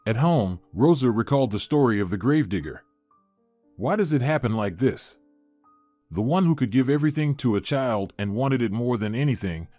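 A man giving scripted story narration in a measured, even storytelling manner. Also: medium pitch, no echo.

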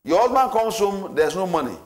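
Guy teaching a church marriage class, kinda high voice, repeats stuff a lot and acts out little scenes. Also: brisk. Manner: repetitive, animated, acts out scenarios.

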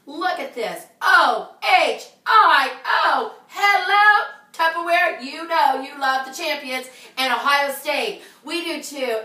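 Brief: high, bright-voiced woman, bubbly sales team leader, slightly hoarse; echoey room, off-mic. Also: distant mic. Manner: bubbly and exclamatory. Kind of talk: upbeat team announcement video.

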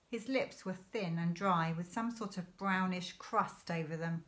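A woman teacher reading a children's novel aloud in a clear, measured storytelling manner. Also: lowish voice, fairly bright tone. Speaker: primary school teacher.

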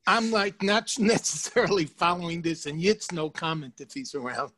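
A woman's voice: on the low side, moderate pace, fairly bright tone, breathy edge. A woman with a Bronx accent, a participant in the class, cutting in with joking, self-deprecating remarks.

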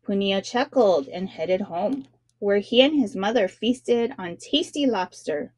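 Expressive woman reading a children's story. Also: medium pitch, measured pace, no echo. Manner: expressive storytelling with dramatic emphasis. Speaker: read-aloud narrator. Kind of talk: children's audiobook narration.

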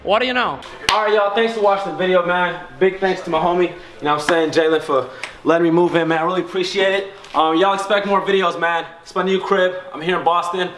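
Young man, casual vlog chat, slangy and playful, high voice, bright and forceful tone. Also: steady tone, fast, a little hiss or hum. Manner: slangy, playful, riffs and repeats himself. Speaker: vlogger.

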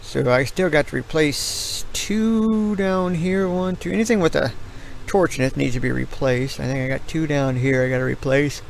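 A tired middle-aged American man with a gravelly voice, yawning as he rambles through casual commentary on his gameplay stream. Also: on the high side, normal speed, slight background noise, rough recording.

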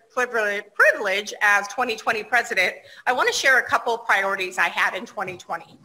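A woman's voice: fairly high pitch, pushed and bright, low-quality recording. A woman, the outgoing association president, giving a personable, lightly self-deprecating speech over a video call.

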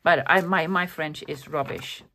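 A woman's voice: sits low, measured pace, pushed and bright. A woman vlogger casually showing off a haul of thrift finds, talking in an enthusiastic, rambling way with lots of fillers and self-corrections. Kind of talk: casual chatty show-and-tell.

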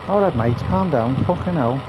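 A man's voice: a little high, expressive, moderate pace, lo-fi sound. Grumbling man over engine noise. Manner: grumbling, profane, chatty. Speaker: gaming channel host. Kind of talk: let's play commentary. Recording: game engine noise behind voice.

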